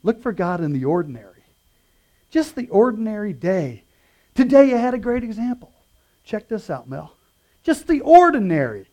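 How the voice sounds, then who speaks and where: A middle-aged man preaching in a relaxed, storytelling way, his voice sitting notably high for a man. He jumps from punchy, raised emphasis to soft, almost muttered asides. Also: normal speed, long pauses. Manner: casual storytelling with lively swings between loud and quiet. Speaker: pastor. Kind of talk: sermon.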